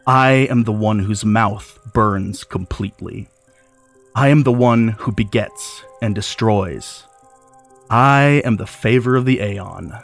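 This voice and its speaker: A woman intoning a grim, rising invocation, acted by a man. The lines come out loud and ceremonial in a low, dark voice, with faint music behind. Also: takes it slowly. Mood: declaiming. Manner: solemn, rising declamation.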